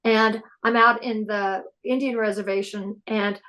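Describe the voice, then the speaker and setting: A woman guest on a podcast, telling personal stories in an excitable, animated way. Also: medium pitch, unhurried. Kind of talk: casual spiritual interview chat.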